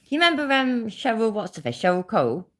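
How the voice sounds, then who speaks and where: A woman's voice: fairly high pitch, sing-song, quick pace. A woman from Leicester with an East Midlands accent, hosting a casual live stream and ranting in rambling, sweary bursts that speed up. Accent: East Midlands English. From Leicester, England.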